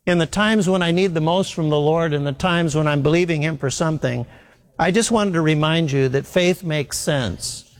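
An earnest preacher delivers a sermon in a reverberant hall, repeating key phrases for emphasis. His voice sits on the high side, and he speaks at a normal speed.

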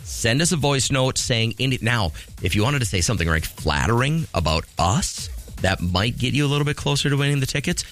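A man's voice: mid-range voice, lively intonation, brisk, fairly bright tone, faint music behind. A man hosting a morning radio show, upbeat and joking as he chats with callers and runs a contest. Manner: upbeat, joking, promo-style. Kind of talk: casual radio banter.

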